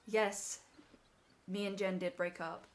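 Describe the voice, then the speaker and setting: A woman's voice: medium pitch, flat delivery, slow. A young woman on a live stream, emotional and teary as she talks to her chat from home.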